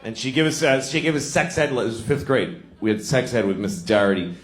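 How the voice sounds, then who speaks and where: A man from Boston performing a profane stand-up comedy set on stage, ranting with loud shouted bits. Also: mid-range voice, expressive, fairly quick, background noise. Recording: echoey room with audience laughter.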